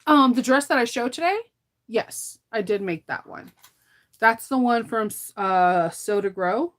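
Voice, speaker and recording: A sewing vlogger in middle age talks casually over her sewing in a higher, expressive voice, speaking a little slowly. She is tired from getting over an illness, often laughing and drifting off mid-sentence.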